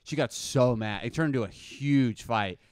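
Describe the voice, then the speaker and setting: A man's voice: medium pitch, moderate pace, clear, resonant tone, no echo, studio quality. A young man, a comedian guest, rambling through self-deprecating stories in casual chat. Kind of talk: casual storytelling.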